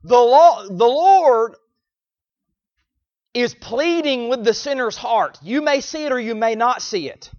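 A man preaching a sermon, repeating phrases and swinging between loud pleading cries and low, quiet lines. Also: lively intonation, slow pace, no room sound, dull audio.

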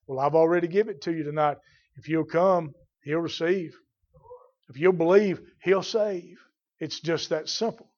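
A man preaching a fiery revival sermon, swinging from loud emphatic swells down to quiet asides. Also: on the high side, normal speed, lo-fi sound.

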